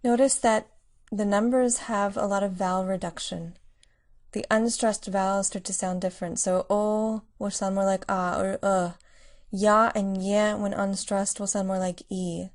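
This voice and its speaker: A woman teaching a language lesson in a clear, patient way, explaining pronunciation step by step. Her voice sits at an ordinary middle pitch. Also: fairly even intonation, measured pace.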